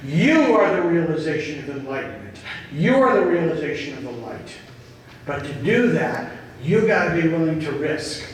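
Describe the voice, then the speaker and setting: An earnest man gives an inspirational talk to a group, telling stories slowly and with emphasis. His voice sits a little high. It echoes heavily around a hall, picked up from a distant mic over faint background noise. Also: very animated. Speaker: speaker at a group gathering.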